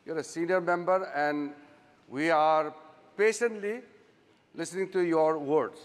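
A man speaking as a minister in a parliamentary debate, starting calm and measured and turning fast and heated. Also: a little high. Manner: calm and slow at first, then fast and heated. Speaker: government minister. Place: parliament chamber. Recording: long chamber reverb.

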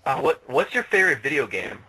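Bright, husky man asking questions. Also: mid-range voice, very animated, fast talker, low-quality recording. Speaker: interview host. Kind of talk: reading interview questions.

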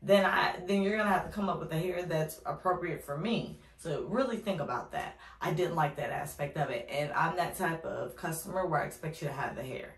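A woman's voice: low voice, a little fast, hardly any pauses. A woman vlogger telling a casual storytime, candid and opinionated with ranting asides. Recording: echoey room.

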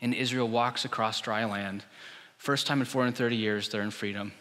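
A man's voice: medium pitch, fairly even intonation, normal speed, a bit bright, long reverb tail. A male pastor preaching a sermon, telling the story with animation and acting out the voices he quotes. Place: church hall.

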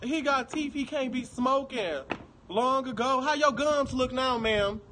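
A man's voice: extremely high pitch, measured pace, sharp tone, a little hiss or hum. A man with a Detroit accent doing a livestream, chatting with viewers in a brash, profane, teasing way. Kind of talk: casual livestream chat.

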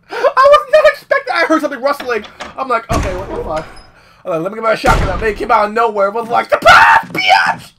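Cursing, jumpy male gamer, noisy recording. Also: high-pitched. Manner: profane, jumpy, yelling at the game. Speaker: let's play gamer. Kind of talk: gameplay commentary.

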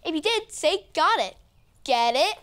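A woman's voice: very high voice, very animated, a little slow, very noisy. A woman hosting a preschool church lesson, cheerfully talking straight to the children. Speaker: children's program host.

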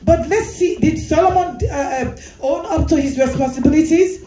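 A woman's voice: high-pitched, moderate pace, warm tone, reverberant, soft background music, rough recording. A woman leading a Sunday school class, explaining a Bible passage, repeating phrases and asking the class questions. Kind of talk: Bible teaching.

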